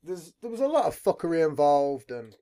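A man's voice: fairly high pitch, big pitch swings, a little fast, mellow. A man hosting a podcast in a rambling casual chat, swearing constantly. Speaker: podcast host.

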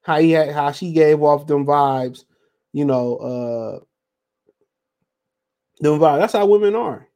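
A man's voice: a little high, slow pace, long pauses, warm tone. A man hosting a casual solo podcast, talking in a slangy, profane, rambling way and reading out listener comments. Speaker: podcast host.

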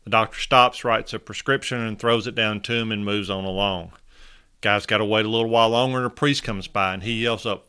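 A man narrating a short parable as a show host, with a folksy, conversational delivery. His voice is low-pitched yet bright and forward, with a smooth, resonant clarity. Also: fairly even intonation, brisk. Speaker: host and storyteller. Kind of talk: storytelling narration.

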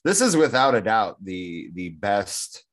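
Man, low voice, livestream host, halting, video call. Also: very animated. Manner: hesitant, many ums. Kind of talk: casual closing remarks.

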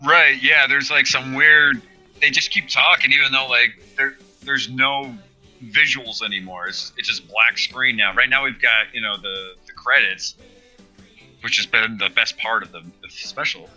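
A man's voice: medium pitch, steady tone, a little slow, pushed and bright, faint music behind, poor audio. Sarcastic man riffing on a video. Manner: rambling, sarcastic, laughs often. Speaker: podcast co-host. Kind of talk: casual riffing commentary.

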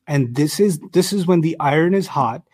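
A man's voice: a little high, expressive, moderate pace, darkish tone, slightly rough. A man giving a Quran commentary lecture, emphatic and repeating phrases for stress. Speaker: Quran teacher.

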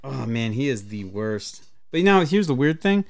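A male podcast co-host talks in loose, profane banter, animated and quick to swear. His voice is smooth and clear at a mid pitch. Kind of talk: casual profane chat.

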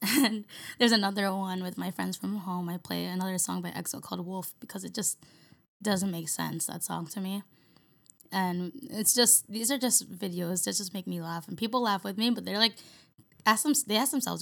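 A woman's voice: lowish voice, gravelly. A young woman co-hosting a podcast, chatting casually, rambling and laughing often. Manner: giggly, rambling, heavy use of "like". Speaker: podcast co-host. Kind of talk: casual chat.

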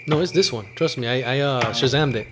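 A man hosting a casual chat at home, talking in an animated, rambling way with many restarts. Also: mid-range voice, brisk, noisy background. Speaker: podcast host. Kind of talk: casual chat reviewing a TV series.

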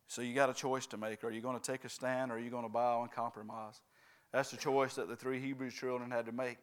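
A male preacher delivers a sermon, working the congregation with steady calls of "right?" and "amen?". His voice is smooth and resonant, sitting at an ordinary middle pitch for a man. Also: fast.

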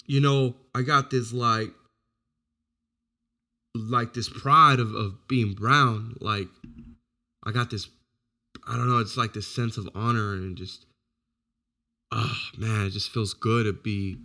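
A man with a bright, forceful voice chats loosely on a podcast. He tells his stories with animation and curses freely. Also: mid-range voice, slow pace, long pauses. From Orange County, California. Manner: animated storytelling, swears freely. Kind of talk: casual chat.

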